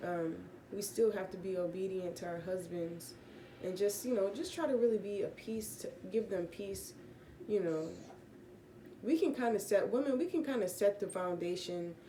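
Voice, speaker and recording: A woman giving a relaxed, casual Bible teaching from home, rambling with fillers and self-corrections. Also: mid-range voice, moderate pace, reverberant, a little hiss or hum. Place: home room with pets.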